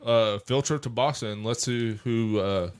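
A man's voice: medium pitch, unhurried. A man joking dryly in casual party-game banter. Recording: noisy background hiss.

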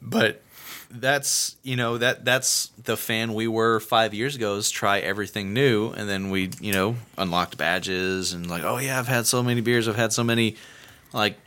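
A man's voice: on the low side, steady tone, moderate pace, sharp tone. A man co-hosting a casual chat about beer, often restarting his sentences and repeating words. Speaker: podcast co-host.

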